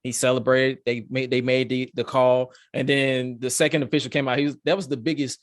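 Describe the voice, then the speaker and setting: A man hosting a podcast, reviewing wrestling in excitable, profane, rambling casual chat. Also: mid-range voice, fairly quick, no room sound, studio quality. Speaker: podcast host.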